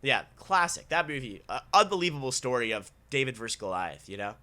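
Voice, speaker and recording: Fast-talking, bright-voiced young male host. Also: medium pitch, sing-song. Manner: teasing, upbeat. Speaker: podcast host. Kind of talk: casual sports chat.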